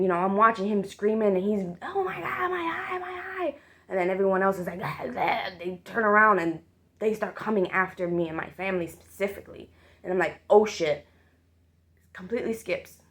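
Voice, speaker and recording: A woman's voice: fairly low pitch, creaky. A woman casually retelling a vivid dream as a storytime, swearing freely and using lots of fillers.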